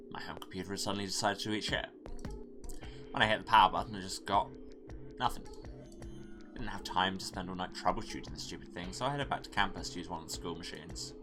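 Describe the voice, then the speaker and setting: A frustrated young grad student in a story game, read by a deep-voiced man. The voice sits very low and plain, breaking into shouts when he panics. Game music runs clearly behind. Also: natural voice.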